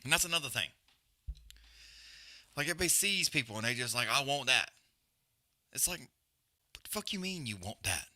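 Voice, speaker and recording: Swearing, bright-voiced man ranting bluntly. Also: medium pitch, big pitch swings, a little fast, long pauses. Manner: blunt, heavy swearing, emphatic repetition. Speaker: podcast host. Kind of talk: profane rant on a live stream.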